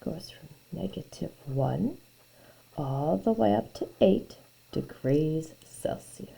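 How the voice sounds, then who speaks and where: A woman's voice: low voice, lively intonation, slow, vocal fry, dark tone, a little hiss or hum, low-quality recording. A woman math teacher talking through graph problems in a recorded lesson, thinking aloud, repeating her phrases and often dropping to a near-whisper.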